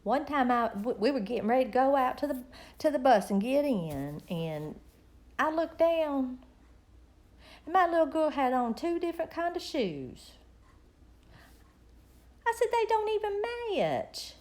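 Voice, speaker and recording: A woman's voice: sits high, lively intonation, normal speed, darkish tone. A middle-aged woman, chatting casually and rambling with viewers on her live stream.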